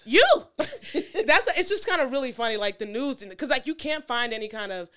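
Bright animated woman telling stories. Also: high voice. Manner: animated storytelling with quick voiced quotes; laughs often mid-sentence. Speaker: comedian guest. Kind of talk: casual podcast chat.

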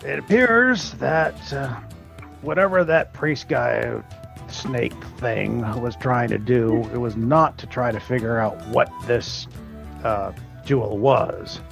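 A man voicing Strax, a scheming party member, in a tabletop role-play, speaking in a measured, pondering way. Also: mid-range voice, vocal fry, fairly bright tone, soft background music. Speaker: player.

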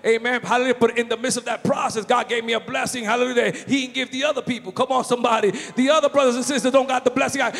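A man preaching a fervent sermon in a church, shouting and calling out hallelujahs. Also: extremely high pitch, fairly even intonation, racing, gravelly, few pauses. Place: church sanctuary. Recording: long hall reverb with faint music.

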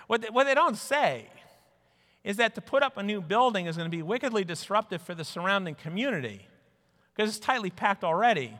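A man giving an animated conference talk, telling stories and putting on mock voices for people he quotes. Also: high-pitched. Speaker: speaker. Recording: reverberant hall.

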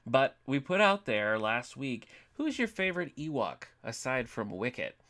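A man's voice: medium pitch, big pitch swings, a little slow, a bit bright. A man co-hosting a podcast in casual chat, easygoing as he reads out poll results. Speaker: podcast co-host.

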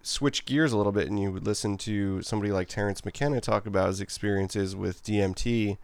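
A man talks through a casual podcast chat in a rambling way, full of "like" and "um" as he gathers his thoughts. His low voice sounds smooth and resonant, and the recording is dry and close. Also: steady tone, brisk, no room sound. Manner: rambling, heavy on "like" and "um" fillers. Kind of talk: casual conversation.

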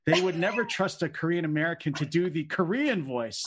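A man co-hosts a podcast in a loose, joking style and laughs often. His voice sits fairly high for a man. He keeps the conversation light and chatty. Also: lively intonation, a little fast, breathy edge. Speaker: co-host, law professor. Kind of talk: casual chat.

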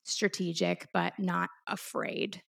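Gravelly-voiced woman thinking aloud. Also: fairly low pitch, flat delivery, slow pace, a bit bright. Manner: reflective, thinks aloud with restarts. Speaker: podcast co-host. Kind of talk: casual chat.

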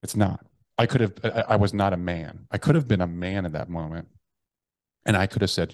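Brief: American man, podcast guest, lowish voice, candid and profane storyteller, dry close sound. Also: a little fast, pauses often, darkish tone, dry recording. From United States. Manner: frank, profane, restarts sentences often; acts out his own inner voices.

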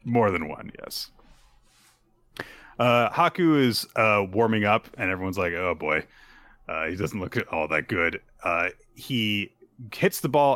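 A man co-hosting a casual podcast, retelling a manga chapter and acting out its characters' lines in quick voices. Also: deep voice, expressive, bright, forceful tone. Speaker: podcast co-host. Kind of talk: casual manga recap chat.

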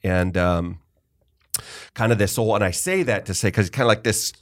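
Hosting a podcast interview, a middle-aged man with a lowish voice tells a long story at a moderate pace. He's a rambling storyteller in casual chat who keeps cutting himself off mid-sentence to correct or restart.

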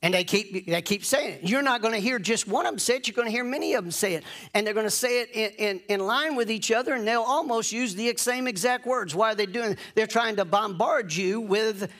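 A man's voice: sits high, a little fast, hardly any pauses, fairly bright tone. A man preaching a sermon in an emphatic, insistent way, repeating phrases to drive points home.

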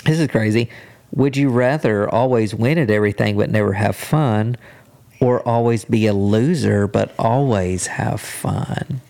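A man in his forties co-hosting a casual couples chat, talking loudly and with animation. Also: lowish voice, a little slow, creaky. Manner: loud and animated. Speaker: podcast co-host.

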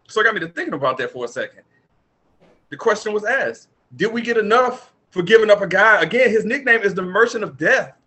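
Brief: male podcast host, bright and forceful tone, slightly high, animated storyteller. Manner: animated, storytelling, bursts of fast talk. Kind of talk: casual panel chat.

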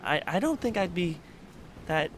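A man voicing a timid, overly formal young crew member who stammers and hesitates, over clear background noise. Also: high voice, sing-song, unhurried, a bit bright, pitched above the performer's own voice, full character voice. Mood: hesitant. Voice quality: stammering, meek.

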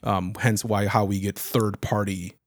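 A man's voice: lowish voice, flat delivery, a little slow, no room sound. A man co-hosting a podcast, explaining things in a casual, rambling way with frequent restarts. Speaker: podcast co-host. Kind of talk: casual chat.

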